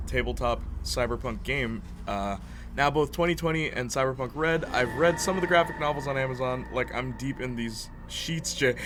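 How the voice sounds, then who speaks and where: A man's voice: mid-range voice, a bit bright, slight background noise. A young man casually commenting on his gameplay. He laughs often, talks in slang and mocks the lines by putting on voices. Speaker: let's play host.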